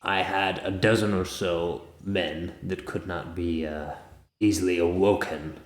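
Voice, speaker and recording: A man voicing a stiff, formal male officer who speaks in a measured, proper way. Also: deep voice, fairly even intonation, echoey room.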